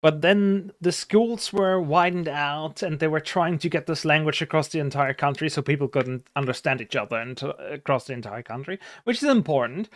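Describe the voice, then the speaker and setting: A German-accented man chatting loosely on a live stream, with a voice pitched a little high. He rambles with restarts and drops a casual curse now and then. The sound is dry and close, with no room around it. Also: normal speed, hardly any pauses, no room sound. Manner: rambling, hesitant, swears casually. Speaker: livestreamer.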